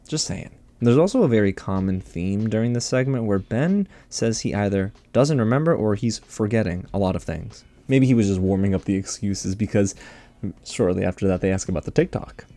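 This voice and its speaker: A man's voice: lowish voice, mellow. Snarky man recapping reality TV. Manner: snarky, exasperated, laughs often. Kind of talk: casual sarcastic recap commentary.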